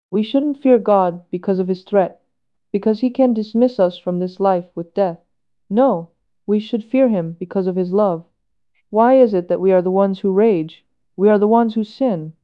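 A woman reads a religious sermon in a solemn, earnest tone, her delivery measured and steady. Her voice sits at a middle pitch and comes across smooth and clear. The recording itself sounds slightly dull and muffled. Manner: measured and earnest, with rhetorical questions. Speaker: reader of a sermon. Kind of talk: slow, solemn read-aloud homily.

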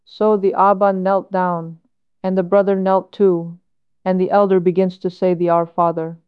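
Woman reading a homily, low smooth voice, kinda dull lo-fi sound. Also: flat delivery, moderate pace. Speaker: reader of a homily. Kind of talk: read sermon. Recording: dull lo-fi recording.

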